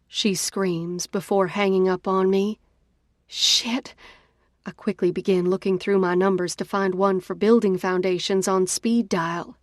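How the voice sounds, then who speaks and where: A woman narrating a first-person romance audiobook in an expressive, dramatic way. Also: mid-range voice, a little slow, dry recording, clean studio sound.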